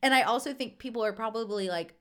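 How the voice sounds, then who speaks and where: Animated woman podcaster telling a story. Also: fast. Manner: animated storyteller, acts out quotes in a high voice. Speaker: podcast co-host. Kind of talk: casual chat.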